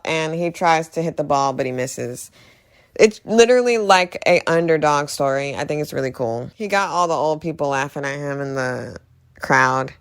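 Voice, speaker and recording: Chatty low-voiced woman recapping a movie. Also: clear, resonant tone. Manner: chatty, opinionated, full of "like" and "literally". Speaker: movie reviewer.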